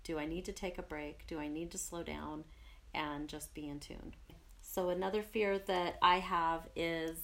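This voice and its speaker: Podcast co-host: young woman, lower-pitched, earnest and reflective, casual chat. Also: fairly even intonation, unhurried, gravelly, fairly bright tone. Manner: earnest, reflective, speaks of spirit and purpose.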